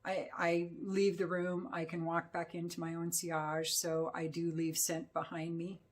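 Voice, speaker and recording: A woman's voice: lowish voice, completely flat delivery, a little slow. A woman giving a casual, rambling perfume review, talking with many fillers. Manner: chatty, rambling, full of fillers.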